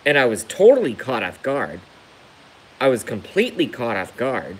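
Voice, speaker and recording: A man's voice: medium pitch, huge pitch swings, normal speed, slightly rough, low-quality recording. A man ranting on a live stream, emotional and emphatic, repeating his points to hammer them home. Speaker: livestreamer.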